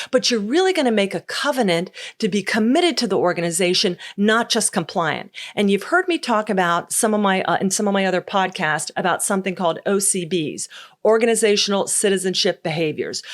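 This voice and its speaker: A middle-aged woman hosting a motivational podcast, talking in punchy, folksy, emphatic phrases and acting out voices in her stories. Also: mid-range voice. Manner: acts out quoted voices in her story. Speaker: podcast host. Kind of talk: motivational solo podcast talk.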